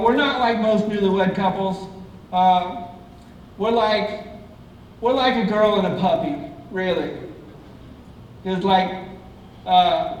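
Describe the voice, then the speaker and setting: High-pitched guy doing a stand-up set, booming theatre echo, room hum behind. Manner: chatty, self-mocking storytelling. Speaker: stand-up comedian. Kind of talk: live stand-up routine. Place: theatre stage. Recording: echoey theatre from far off.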